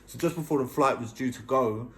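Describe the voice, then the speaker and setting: A man's voice: mid-range voice, fairly quick, fairly bright tone, slight background noise. A man earnestly telling his own story in a casual vlog, emphatic and often checking in with the listener.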